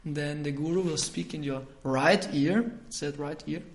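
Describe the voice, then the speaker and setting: A man delivers a casual lecture on scripture in a voice pitched a little above the usual male range. He chuckles now and then and often stops to rephrase himself. Quiet asides give way to sudden, forceful emphasis. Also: measured pace, a little hiss or hum. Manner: conversational, chuckles often, swings between soft asides and emphatic bursts; frequent hesitations and self-corrections.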